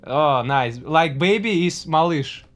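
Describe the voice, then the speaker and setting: A Russian man with a Russian accent, a musician acting as host, chats in a friendly way with strangers on a casual video call, teaching them words and breaking into song. His voice is on the high side, animated, slow and fairly bright, with faint music in the background.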